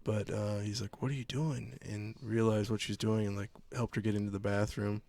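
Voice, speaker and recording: A man co-hosting a casual podcast, telling stories in an animated way with a lot of swearing. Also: lowish voice, moderate pace, no room sound. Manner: profane, animated storyteller. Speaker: podcast co-host. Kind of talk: casual chat. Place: remote recording, like a video call.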